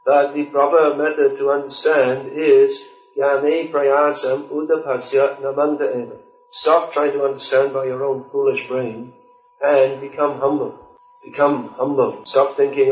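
A man's voice: medium pitch, little pitch movement, a little slow, slight background noise. A man giving a devotional lecture, speaking bluntly and emphatically and reciting verses in Sanskrit. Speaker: spiritual lecturer. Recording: distant, roomy, dull lo-fi lecture recording.

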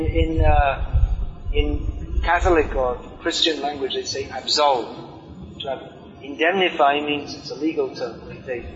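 A man giving a scripture class, reading aloud, explaining and chanting verses slowly. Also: medium pitch. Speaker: lecturer on scripture. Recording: dull lo-fi sound, long hall reverb, music behind.

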